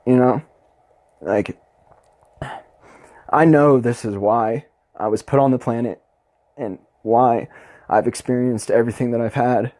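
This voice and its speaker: A man's voice: medium pitch, mellow, dry recording. A young man hosting his own podcast, ranting bluntly and passionately with constant swearing in a casual monologue. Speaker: podcast host.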